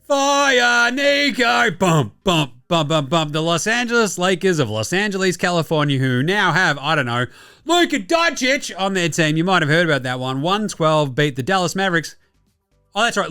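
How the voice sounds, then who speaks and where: An Australian man hosting a basketball recap show, talking in a fast, sweary, sarcastic rush. His voice sits a little high for a man and comes across smooth and clear. The recording is dry and close, with faint music behind him. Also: a bit bright, no room sound. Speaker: basketball podcast host. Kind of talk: casual sports recap.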